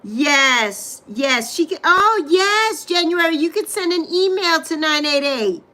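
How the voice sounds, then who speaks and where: A woman's voice: very high voice, lively intonation, takes it slowly, pushed and bright. A middle-aged woman hosting a casual livestream, greeting viewers by name and repeating phrases with gushing affection. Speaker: livestream host.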